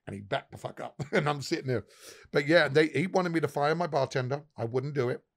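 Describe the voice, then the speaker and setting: Animated middle-aged storyteller man, heavy swearing. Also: fairly high pitch, brisk, vocal fry. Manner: animated, swears constantly, acts out dialogue. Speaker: guest, pub owner. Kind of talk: casual storytelling.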